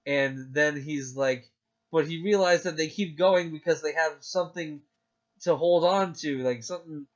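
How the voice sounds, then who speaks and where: A young man co-hosting a casual podcast chat, rambling and excitable with lots of fillers. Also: fairly high pitch, moderate pace. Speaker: podcast co-host. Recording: dull lo-fi sound.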